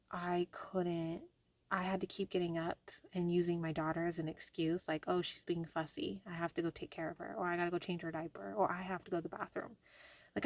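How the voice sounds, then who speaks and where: A woman's voice: lowish voice, no room sound. A young adult woman speaking candidly in a personal diary vlog, telling a story with a loose, rambling flow full of fillers. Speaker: vlogger.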